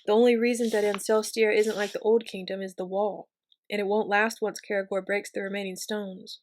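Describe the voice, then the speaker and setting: A woman's voice: medium pitch, flat delivery, fairly quick, natural voice. A woman voicing a weary young man. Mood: grim.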